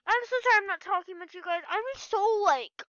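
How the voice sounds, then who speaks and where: A young female vlogger with a very high, bright voice that jumps around a lot in pitch. She rambles in an upset way, full of fillers and restarts. The sound is dry and a little dull, like a cheap mic. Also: animated, fast talker, no room sound. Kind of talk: emotional gaming vlog.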